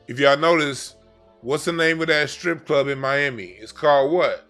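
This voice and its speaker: A man's voice: a little high, moderate pace, a bit bright, soft background music. A man reading playing cards for a yearly forecast, talking casually in an emphatic, slangy way, often repeating and restarting his phrases. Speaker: card reader. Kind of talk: casual explainer monologue.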